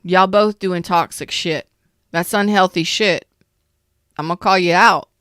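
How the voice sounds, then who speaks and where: A woman hosting a live tarot reading, talking in a blunt, profane rant that calls viewers out. Her voice is smooth and clear, recorded close and dry with no room sound. She answers chat comments as she goes. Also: fairly low pitch, unhurried, fairly bright tone, dry recording. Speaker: tarot reader.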